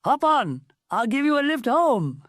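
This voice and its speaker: A woman's voice: high-pitched, very animated, unhurried, dry recording, studio quality, voice pushed up. A woman voicing a brash, boastful young male genie in a storybook. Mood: cocky. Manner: brash, boastful, casual slang.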